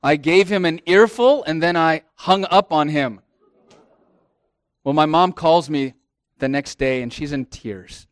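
Dry-miked preaching man, rising then hushing. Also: fairly high pitch, unhurried, no room sound. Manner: preaching with swelling emphasis and dropping to hushed asides. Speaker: pastor. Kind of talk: sermon.

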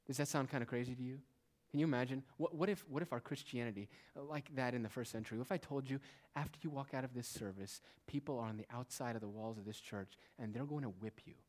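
A man of medium pitch preaches in church as a pastor. His sermon shifts from quiet, whispered lines to emphatic, louder declarations.

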